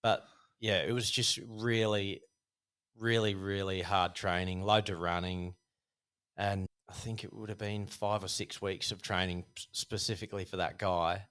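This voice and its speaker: A middle-aged Australian man, a podcast guest, telling stories in a rambling, animated way with many fillers. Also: low voice, a little slow, clear, resonant tone. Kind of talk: casual storytelling.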